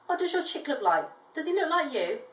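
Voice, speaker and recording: A woman's voice: high voice, a little fast, voice pushed up. Woman voicing a thoughtful kangaroo. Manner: thoughtful, calm. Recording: echoey room, distant mic.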